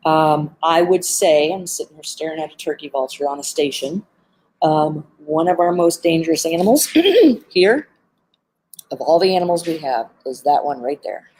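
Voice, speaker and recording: Her voice is deep, husky and a little mellow, with lively intonation at a normal speed. She's an animal behavior trainer offering earnest, heartfelt advice on a live stream, peppered with "um," while seated among birds at an animal center. The recording is rough.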